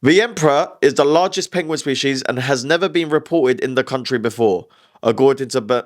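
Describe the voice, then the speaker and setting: A man hosting a comedic news roundup, chatty and wry, laughing at his own jokes. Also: medium pitch.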